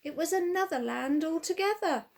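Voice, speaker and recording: A woman reading a children's storybook aloud with expressive, sing-song narration. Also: very high-pitched, normal speed, creaky.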